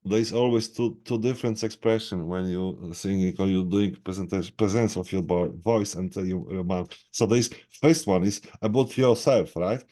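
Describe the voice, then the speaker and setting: Halting man interviewing. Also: sits low, mellow. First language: Polish. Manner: halting, many fillers and restarts, laughs often. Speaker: radio interviewer. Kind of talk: casual interview chat.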